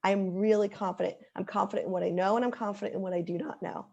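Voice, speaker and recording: A woman's voice: medium pitch, fairly even intonation, fast talker, creaky, darkish tone, highs cut off. A woman in her thirties speaking as an interview guest, earnest and heartfelt, with many likes and ums. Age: 30s. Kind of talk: casual interview chat.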